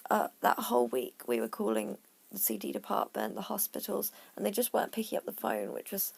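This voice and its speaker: A woman's voice: mid-range voice, expressive, brisk, gravelly, slightly rough, no echo. A woman vlogger, a bit out of breath, frankly telling a personal story in a chatty way that sometimes drops to a near whisper. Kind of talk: casual personal story to camera.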